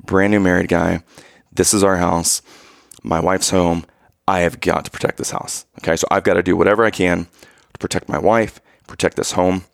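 A young man co-hosting a casual chat, telling a story in a lively, animated way and acting out his own yells. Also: low-pitched, moderate pace, creaky, dry recording, studio quality.

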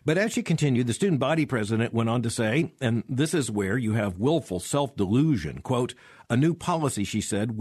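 A man's voice: medium pitch, expressive, fairly quick, a little mellow, breathy edge, no echo. A middle-aged man giving emphatic radio commentary, with sarcastic asides.

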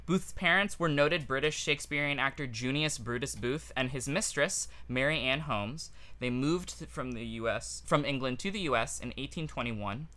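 A man's voice: mid-range voice, normal speed, hardly any pauses, sharp tone. A man co-hosting a comedy podcast, telling a history story in a casual, jokey way and laughing at his own asides. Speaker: podcast co-host.

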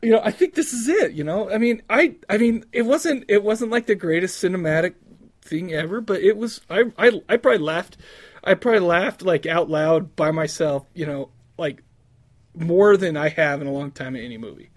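A man chatting casually on a movie podcast in a voice pitched a bit higher than most. He rambles, restarts his sentences and makes crude jokes between laughs. The recording is dry and close. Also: moderate pace, dry recording. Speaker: podcast co-host. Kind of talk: casual movie review chat.

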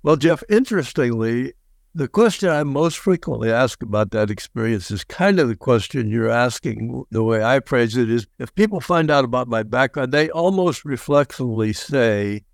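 An older man, a guest on an interview show, telling his story in a lively way with dry humor. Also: mid-range voice, moderate pace, vocal fry, no echo. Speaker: guest, former prisoner of war and motivational speaker.

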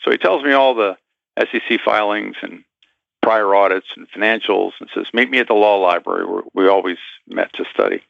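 Man, low gravelly voice, lively storyteller, acts out quoted voices, dull dry lo-fi recording. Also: fairly quick, dry recording. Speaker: guest. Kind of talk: storytelling interview.

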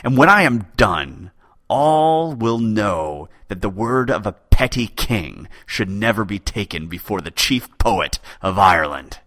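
A man voicing an aging, hot-tempered male chief poet with a thin, raspy voice, booming and imperious. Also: animated, slow, pushed and bright, no room sound, studio quality, heavily acted. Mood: furious.

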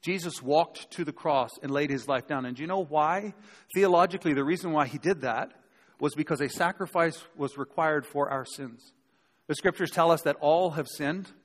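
A man's voice: on the high side, normal speed. A man preaching a sermon in a conversational way, acting out the people he quotes. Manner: conversational, acts out quoted speakers. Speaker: pastor. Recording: long hall reverb.

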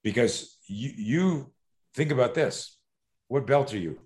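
A man who coaches fighters, telling stories in a loose, animated conversation, swearing now and then and restarting his sentences. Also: mid-range voice, a little slow. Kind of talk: casual podcast conversation.

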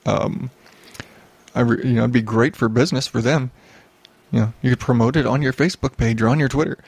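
A man's voice: medium pitch, fairly even intonation, a little fast, gravelly, darkish tone, slightly rough, no echo. A young man hosting a solo podcast, ranting and rambling with lots of swearing and restarts. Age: young adult. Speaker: podcast host.

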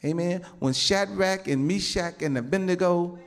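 A man's voice: high-pitched, normal speed. A male pastor preaching a sermon to his congregation, peppering his talk with amens and calling out to the saints. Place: church building with a congregation.

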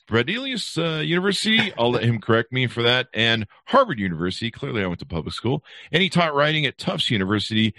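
A man's voice: medium pitch, fairly bright tone, dry recording, clean studio sound. A man hosting a podcast, joking and self-deprecating as he reads plugs and an introduction. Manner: jokey, self-deprecating, stumbles over names. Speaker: podcast host. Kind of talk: podcast interview with sponsor reads. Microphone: studio microphone.

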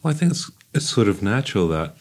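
Man, very low voice, interviewer, casual, repeats words as he thinks. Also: very animated, fast talker. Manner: repeats words while thinking aloud, posing questions. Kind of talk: conversational interview.

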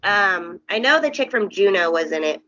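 Bright, chatty young woman host. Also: moderate pace, highs cut off. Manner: animated, acts out quoted voices high and loud. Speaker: podcast host. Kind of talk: casual storytelling chat.

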